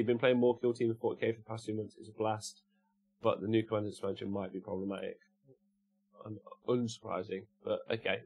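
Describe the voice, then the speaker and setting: A man from Cannock, England, with a Midlands accent and a lowish, husky voice marked by vocal fry, hosts a casual livestream. He reads viewers' chat aloud and jokes in reply.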